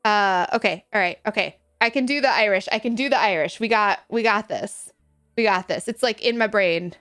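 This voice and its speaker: A woman's voice: medium pitch, normal speed, a bit bright, soft background music. A young woman streamer chatting casually while playing a game, in a chatty, self-deprecating, giggly way. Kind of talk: casual gameplay chat.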